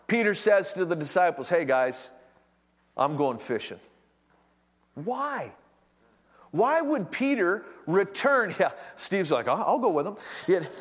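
A man preaching a sermon, telling stories with animated delivery and acting out the voices of those he quotes. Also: fairly high pitch. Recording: long hall reverb.

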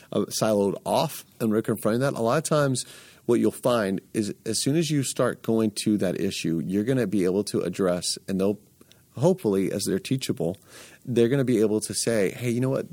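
A man with a fairly low, darkish voice hosts a podcast in a conversational interview, with no room sound on the recording. He speaks earnestly in a coaching tone, stringing his points together as lists.

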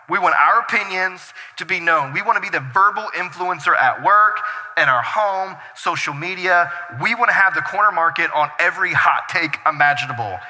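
A man preaching a sermon as pastor, energetic and full of rhetorical questions to the congregation. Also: high voice. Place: church hall. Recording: reverberant church hall.

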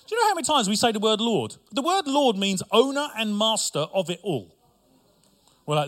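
Male pastor, middle-aged, sermon, fairly high voice, animated delivery, jokes with the congregation. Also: fast. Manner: lively preaching with humor and asides to the congregation.

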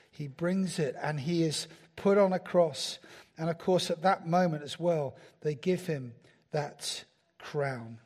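A man's voice: fairly high pitch, breathy edge. A man preaching a sermon in a church, talking conversationally and asking the congregation rhetorical questions. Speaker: pastor.

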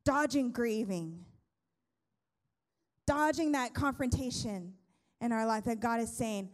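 A young woman pastor delivers a sermon in a high, bright-pitched voice. She preaches conversationally, tells jokes and often breaks off to restart her sentences, swinging between big emphatic lines and quiet asides. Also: slow, long pauses. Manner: lively, conversational preaching with humor and many restarts.

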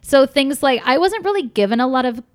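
A woman's voice: sits high, animated, fairly quick. A young woman chatting casually as a podcast guest, frank and swearing freely, with lots of fillers.

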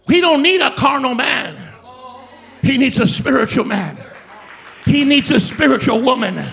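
A man preaching as a guest speaker in a church, shouting in fiery, repetitive call-and-response, with worship music behind him. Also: very high voice, expressive, unhurried, vocal fry. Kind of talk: shouted sermon. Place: church sanctuary.

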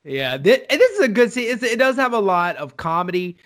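Excitable high-voiced man chatting. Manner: excitable, swears freely, fast bursts. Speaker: podcast co-host. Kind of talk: casual chat.

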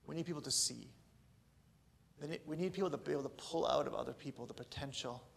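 A man, preaching a sermon in a casual, joking, animated way. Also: mid-range voice, creaky, a little hiss or hum. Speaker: pastor.

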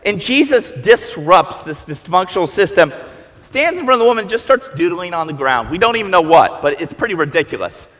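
A male preacher giving a sermon as animated storytelling, acting out the voices of the people in his story. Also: high-pitched, a little fast. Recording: long reverb in a large hall.

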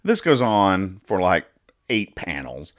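A young man with a low voice hosts a laid-back podcast, reading comic strips aloud. His pitch swings widely as he tells each one. He rambles, trips over his words and restarts while spelling out every joke. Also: big pitch swings, takes it slowly. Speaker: podcast host.

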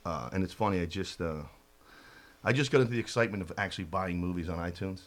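A man guests on a casual podcast, airing opinions with dry humor. His voice sits low, and he talks quickly. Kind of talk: casual chat.

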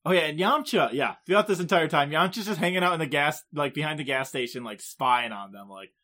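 A man co-hosting a podcast, recapping anime episodes in casual, animated chat and often laughing. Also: fairly high pitch, a little fast. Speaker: podcast co-host.

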